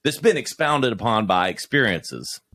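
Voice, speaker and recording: A man with a fairly low voice, thinking out loud as a podcast guest. He circles back and restarts his sentences often. The recording is dry and close. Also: sing-song, dry recording. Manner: reflective, halting with many restarts. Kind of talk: casual conversation.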